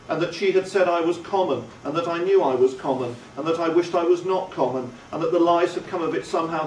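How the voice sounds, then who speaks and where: A man narrating an audiobook in a slow, measured storytelling way. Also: fairly high pitch, slight background noise. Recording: roomy, distant, faint ambience.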